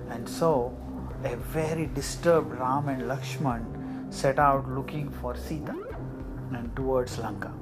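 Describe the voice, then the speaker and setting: A storyteller telling an epic tale in a conversational way, often checking in with the listener. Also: mid-range voice. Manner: conversational, many fillers and "right?" checks. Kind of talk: oral storytelling with asides to the listener. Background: instrumental music.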